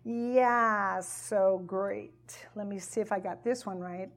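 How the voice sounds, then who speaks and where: A woman's voice: mid-range voice, steady tone, slow. A woman teaching a sermon to a gathered audience, emphatic and repeating her key phrases. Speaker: Bible teacher.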